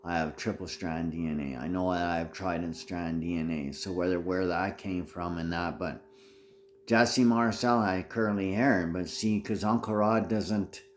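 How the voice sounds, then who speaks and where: A man with a very deep, low voice talks on in a loose, rambling monologue. He circles back, repeats words and restarts his sentences, with a faint hum behind him. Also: moderate pace. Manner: rambling, repetitive, restarts phrases.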